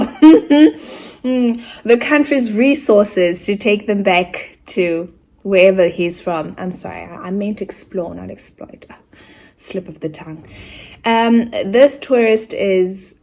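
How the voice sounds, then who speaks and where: Woman from Africa, book reviewer, middle pitch, animated chatty rant with mock-outraged asides. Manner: acts out characters' lines in quick asides.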